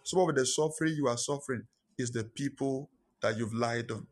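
A man preaches a sermon at a mid pitch. He is emphatic and repeats his phrases to drive each point home as he tells his own story. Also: a little fast, breathy edge. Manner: emphatic, repeats lines for stress.

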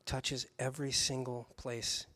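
A man giving a sermon as a pastor, telling a personal story with animated delivery and chuckles along the way. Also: mid-range voice, measured pace.

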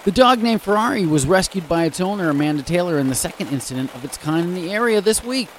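A male radio host with a fairly high voice that swings widely in pitch. He reads odd news items in a loose, chatty way and comments freely. Rain sounds softly somewhere behind him. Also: fast talker, a little hiss or hum. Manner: chatty, expressive, reacts aloud. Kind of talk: casual reading of weird news stories.

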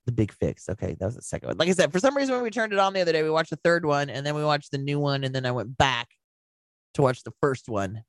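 Chatty man with a slightly high voice. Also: sing-song, quick pace, no room sound. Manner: chatty, laughs often, jumps between stories. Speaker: podcast co-host. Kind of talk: casual chat.

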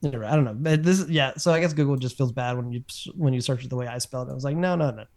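Co-hosting a podcast, a man with a medium-pitched, darkish voice talks rapid-fire in a fairly even tone. His casual chat rambles, he often corrects himself, and he chuckles along the way.

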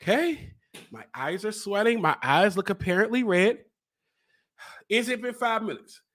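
Frantic young man yelling through a burning mouth. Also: high-pitched, lively intonation, normal speed. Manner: loud, frantic and joking, yelling and sighing between lines. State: sweating and burning from hot pepper. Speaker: podcast host and life coach. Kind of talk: live reaction during a spicy chip challenge.

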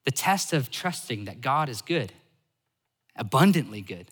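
Bright-voiced animated male preacher. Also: medium pitch, unhurried, husky, long reverb tail. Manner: animated, swings between loud emphasis and soft asides. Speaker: pastor. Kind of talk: sermon.

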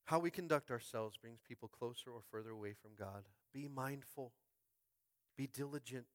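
A man preaching a sermon as pastor, fervent and calling out to his congregation, swinging from quiet musing to shouted climaxes. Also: medium pitch, moderate pace, no echo, studio quality. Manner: calls out to the congregation. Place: school space used as a church.

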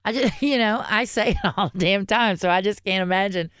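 A woman's voice: mid-range voice, brisk, fairly bright tone, smooth, no echo, clean studio sound. A woman with a Southern US accent co-hosting a podcast in casual, chatty talk, laughing often and swearing freely. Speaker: podcast co-host. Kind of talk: casual chat.

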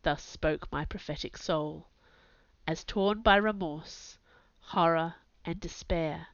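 Smooth-voiced woman reading a gothic tale. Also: sits low, takes it slowly, dry recording. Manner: anguished, intense, theatrical narration with sudden hushes. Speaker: narrator. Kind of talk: dramatic audiobook reading. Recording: slightly dull, dry recording.

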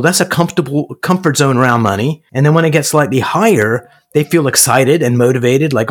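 A man's voice: fairly high pitch, brisk. Man hosting a podcast interview. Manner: storytelling, acts out quoted voices. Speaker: podcast host. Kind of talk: conversational interview.

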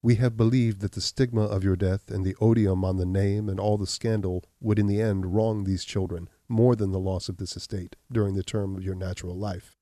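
A man voicing a stern, grave man who speaks slowly and deliberately in a story. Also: low voice, fairly even intonation, mellow, dry recording, studio quality, natural voice. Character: stern, grave older man confronting a schemer.

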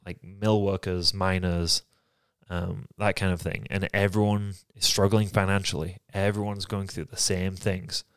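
A man from England, co-hosting a podcast and talking candidly about his life in a reflective, halting way. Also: deep voice, flat delivery, smooth, no echo, studio quality. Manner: reflective, halting, soft-spoken. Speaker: podcast co-host. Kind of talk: candid personal conversation.

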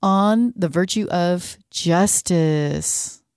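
A woman's voice: lowish voice, drawn-out words, darkish tone, smooth, no room sound, studio quality. A woman hosting a faith radio talk show, chatty and enthusiastic, with a lot of fillers. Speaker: radio host.

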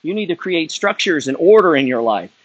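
A man's voice: on the high side, big pitch swings, a little fast, no echo, muffled recording. A middle-aged man ranting bluntly and profanely about building wealth, lecturing his viewers with rising heat. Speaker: wealth-building content creator. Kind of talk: unscripted rant to camera.

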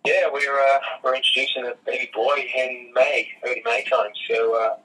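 A young man with a hoarse throat, chatting as a guest in an easygoing, rambling way with lots of fillers. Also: mid-range voice, steady tone, normal speed, pushed and bright, slight background noise. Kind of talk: casual interview chat. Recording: voice from far off the mic.

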